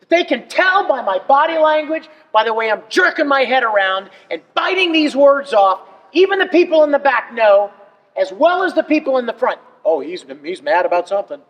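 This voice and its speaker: A man speaking as the guest voice actor at a convention fan panel, telling stories in an animated way and acting out examples, heard in an echoey hall from far off. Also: very high voice, moderate pace, dull audio. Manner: animated, acts out examples with big swings.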